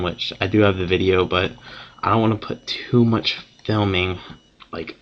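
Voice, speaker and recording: A man's voice: low voice, creaky, pushed and bright. A young man casually telling a story to the camera, rambling, swearing and correcting himself as he goes. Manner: rambling, profane, self-correcting. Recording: dull lo-fi home recording.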